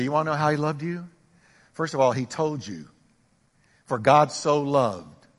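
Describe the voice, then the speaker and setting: A man's voice: on the high side, a bit bright. Preaching older man in an echoey hall. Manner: preaching with rising emphatic exclamations. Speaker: pastor. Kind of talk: sermon.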